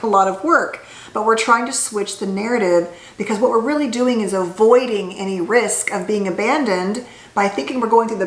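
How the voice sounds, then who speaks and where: Woman, psychologist, casual talk to camera, restarts and fillers, middle pitch, roomy echo. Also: fairly bright tone. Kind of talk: talking to camera about healing. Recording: echoey room.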